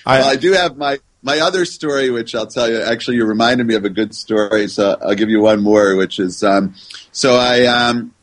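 Older male scientist guest, chatty anecdotal storyteller, average pitch. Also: moderate pace, rough recording. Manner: animated anecdote-telling with many fillers. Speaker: guest researcher. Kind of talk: storytelling in a podcast interview.

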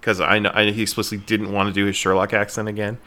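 A man's voice: lowish voice, little pitch movement, fast, bright, forceful tone, a little hiss or hum. An American man co-hosting a casual podcast, wry and opinionated, swearing now and then. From United States. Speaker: podcast co-host. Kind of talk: casual chat.

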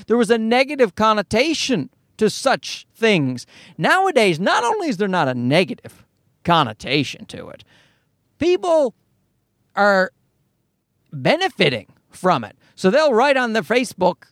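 A man's voice: sits high, huge pitch swings, a little slow, fairly bright tone, no echo, clean studio sound. A man hosting a comedy podcast, ranting in a worked-up way and swearing freely. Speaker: podcast host.

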